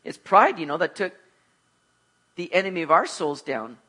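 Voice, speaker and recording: A man preaching a sermon in a bright, forceful voice that sits a little high. He talks conversationally and jokes with his listeners, then climbs to emphatic exhortation. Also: lively intonation, moderate pace. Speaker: pastor.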